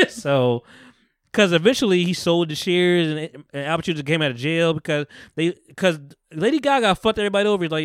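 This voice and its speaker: A man hosting a podcast, retelling a movie in a rambling, animated way with casual swearing. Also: on the high side, fairly quick, clear, resonant tone, no room sound, studio quality. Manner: rambling, animated retelling with profanity and acted-out quotes. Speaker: podcast host. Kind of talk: casual chat.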